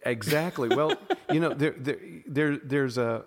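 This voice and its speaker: A man's voice: medium pitch, a little slow, long reverb tail. Southern-drawled man explaining at length. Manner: thoughtful, self-interrupting explainer with frequent restarts. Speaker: podcast guest. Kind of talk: casual teaching conversation.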